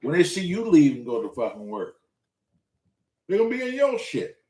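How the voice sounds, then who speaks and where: A high-pitched man tells a neighborhood story, swearing freely and hammering each point with emphasis. His voice rings out in a roomy, echoey space. He talks as the host of a casual talk show. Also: moderate pace, distant mic. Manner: profane, emphatic and animated. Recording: roomy echo.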